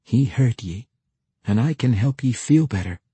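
A man voicing a small, scheming male lowlife in a fantasy audiobook, wheedling and speaking in rustic dialect. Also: lively intonation, a little slow, mellow, slightly rough, no echo. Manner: wheedling, rustic 'ye' speech.

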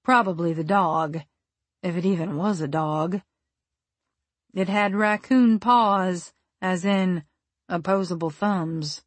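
Female narrator, first-person comic story, unhurried and wry, dry close booth sound. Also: lowish voice, dry recording. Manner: measured, wry and deliberate. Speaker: audiobook narrator.

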